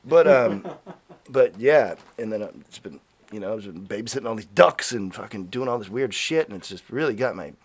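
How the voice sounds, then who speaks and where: A man's voice: lowish voice, lively intonation, moderate pace, breathy edge. A man hosting a podcast in a studio, rambling and joking with plenty of swearing. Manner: profane, jokey, rambling. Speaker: podcast host. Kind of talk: casual rambling chat.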